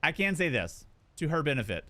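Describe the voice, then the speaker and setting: Lively, bright-voiced man streaming games. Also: fairly high pitch, a little fast. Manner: animated storyteller who acts out voices and jokes. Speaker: game streamer. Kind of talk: casual live-stream chat.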